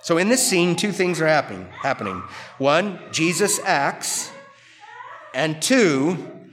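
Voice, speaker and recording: Slow emphatic American preacher in a hall. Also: male voice, on the high side, expressive, fairly bright tone, a little hiss or hum. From United States. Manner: slow, emphatic, repeats words for stress. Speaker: pastor. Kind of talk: expository sermon. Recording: long hall reverb.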